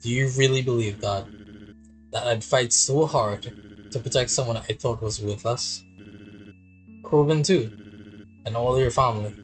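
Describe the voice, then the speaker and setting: A man voicing a wounded male bodyguard who is loyal and calm, speaking in quiet, steady reassurance with a husky tone. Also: mid-range voice, normal speed, long pauses, soft background music, natural voice, low-quality recording. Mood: gentle.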